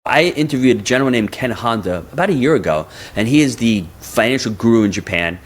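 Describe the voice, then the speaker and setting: A man's voice: medium pitch, animated, fast talker. A man in his fifties, a guest on a podcast interview, talking energetically and often repeating words as he builds a point. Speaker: guest, real estate investor.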